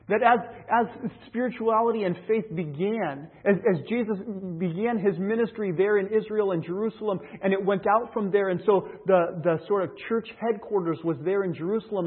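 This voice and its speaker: A man's voice: high-pitched, husky. A man preaching a Bible-teaching sermon in a conversational, explanatory way. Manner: conversational, explains by retelling a fable. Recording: tinny phone-like line.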